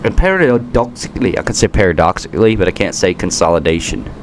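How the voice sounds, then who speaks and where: Fast and low-voiced with lively intonation, a man from the US rants about politics as a commentary host, sarcastic and combative. He now and then fumbles words and restarts, and there's a faint hiss or hum.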